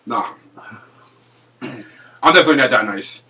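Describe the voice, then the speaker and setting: A man's voice: mid-range voice, animated, measured pace, pushed and bright, slight background noise. A man co-hosting a casual chat show, agreeing a lot and repeating himself. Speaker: co-host. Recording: voice a bit distant from the mic.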